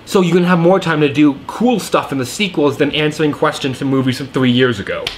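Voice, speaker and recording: A man's voice: a little high, fairly quick, a little hiss or hum. A young man giving a casual, rambling film review, enthusiastic and full of fillers and restarts. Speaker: movie reviewer.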